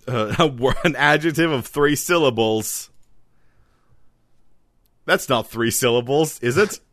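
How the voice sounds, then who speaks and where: A man's voice: medium pitch, unhurried, fairly bright tone, no room sound. Casual male co-host, giggly and rambling, mid-range voice, dry close mic. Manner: rambling, laughs often, trips over his words. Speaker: podcast co-host. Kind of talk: casual chat.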